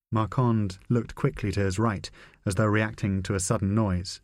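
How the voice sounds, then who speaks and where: A man narrating a spy novel audiobook in a measured, even reading. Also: lowish voice, no echo, clean studio sound. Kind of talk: scripted narration.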